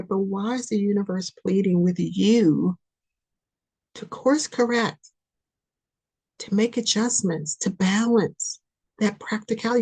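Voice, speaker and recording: Husky woman pleading in a spiritual reading. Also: medium pitch. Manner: pleading, repetitive, swings between loud and soft. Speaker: podcast host, spiritual reader.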